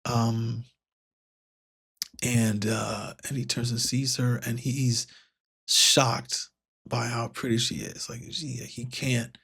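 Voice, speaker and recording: A man's voice: mid-range voice, flat delivery, slow, gravelly, a bit bright, slightly rough. A man casually reviewing a comic book, rambling with many fillers and restarts and paraphrasing the dialogue. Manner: paraphrases dialogue in a lightly raised voice. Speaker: comics podcast host.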